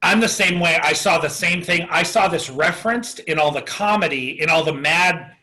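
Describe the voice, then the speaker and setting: A man's voice: fairly high pitch, normal speed, sharp tone, poor audio. A man guesting on a podcast, eagerly explaining episode details and laughing along. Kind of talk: casual chat about a TV episode.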